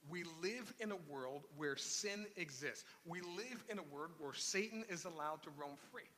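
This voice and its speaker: A man's voice: fairly high pitch, animated, normal speed, pushed and bright, big-room sound. A man preaching a sermon as pastor, in a conversational way that often restarts and repeats words.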